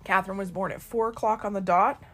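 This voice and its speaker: A woman with a husky, slightly breathy voice, telling a story in a relaxed, conversational way. She talks to her daughter like it's a kitchen-table chat, throwing herself into each person she quotes. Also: medium pitch, fast. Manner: lively storyteller who acts out quoted people. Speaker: podcast co-host.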